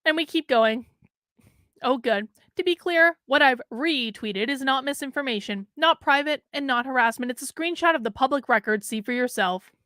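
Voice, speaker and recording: A woman's voice: high-pitched, normal speed, pushed and bright, no room sound, studio quality. A woman hosting a political commentary show, reading news stories aloud and breaking in with sarcastic, scornful asides that ramble.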